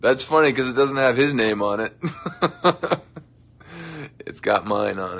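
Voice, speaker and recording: A young man hosts a casual livestream from his dressing room, reading comments and joking playfully with viewers before drifting into soft mumbles. His fairly low, gravelly voice has lively intonation, an unhurried pace, and frequent pauses.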